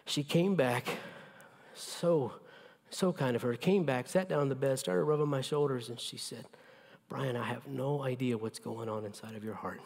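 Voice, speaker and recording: A male pastor preaching a sermon with emphatic delivery that drops to a hushed near-whisper in tender moments. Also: medium pitch, normal speed, gravelly, long reverb tail. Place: church sanctuary.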